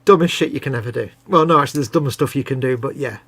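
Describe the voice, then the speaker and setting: A man's voice: medium pitch, very fast, fairly bright tone, slightly rough. A man co-hosting a casual live stream from a home workshop, joking and teasing his partner. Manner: jokey, teasing, chatty. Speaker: co-host.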